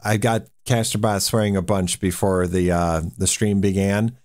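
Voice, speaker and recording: A man's voice: deep voice, steady tone, moderate pace, a little mellow, no room sound, clean studio sound. A man streaming a horror game, giving laid-back casual commentary and chuckling often.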